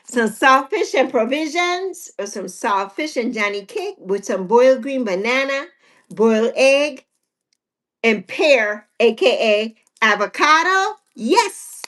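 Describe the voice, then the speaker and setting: A woman's voice: on the high side, expressive, slow, a bit bright. A woman in her sixties hosting a casual livestream chat with viewers, playful and teasing. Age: 60s. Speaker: livestream host.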